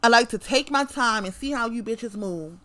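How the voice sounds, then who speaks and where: A woman's voice: fairly high pitch, lively intonation, normal speed, pushed and bright. A woman delivering a profane, confrontational rant straight to camera, repeating her lines for emphasis. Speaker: vlogger.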